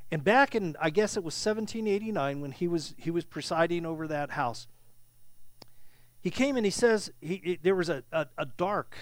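A man's voice: on the high side, no room sound. A male pastor, preaching a sermon in a conversational, storytelling way with emphatic questions.

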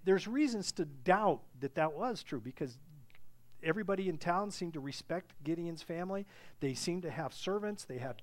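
Middle-aged male pastor, high-pitched, earnest sermon delivery that rises to fervent. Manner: earnest, building to fervent preaching with many restarts.

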